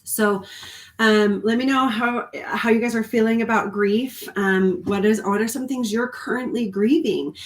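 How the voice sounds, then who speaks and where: A woman's voice: a little high, steady tone, unhurried, echoey room. A woman speaking as a spiritual coach on a live stream, talking earnestly and rambling with frequent ums and small laughs. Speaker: spiritual coach and card reader.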